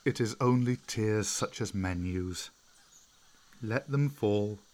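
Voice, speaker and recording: A man voicing a calm, wise male panther in a storybook reading, speaking low and gently. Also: slow. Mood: gentle.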